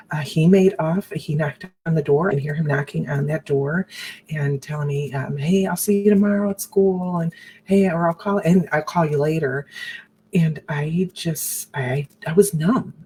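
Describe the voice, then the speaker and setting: Low-voiced woman telling her story haltingly. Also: warm tone, slight background noise, low-quality recording. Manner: halting, earnest, often restarting and acting out quoted voices. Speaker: abuse survivor sharing her story. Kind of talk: personal storytelling broadcast.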